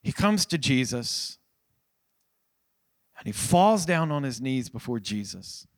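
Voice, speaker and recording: A pastor preaching a sermon at a church service, moving from a hushed prayer to raised, pleading emphasis and repeating phrases to drive points home. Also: male voice, mid-range voice, big pitch swings, takes it slowly.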